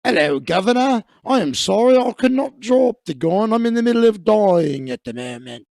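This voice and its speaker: A man's voice: high voice, big pitch swings, moderate pace, vocal fry, a little mellow, no room sound, studio quality, pitched above the performer's own voice, heavily acted. A man voicing a dying gunman in an over-formal, apologetic put-on accent as a mocking live-stream impression. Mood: mock polite.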